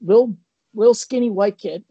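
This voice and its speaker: A man co-hosting a casual podcast, telling a rambling, animated story full of fillers and restarts. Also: high voice, normal speed, breathy edge, no echo, highs cut off. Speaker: comedian and podcast co-host.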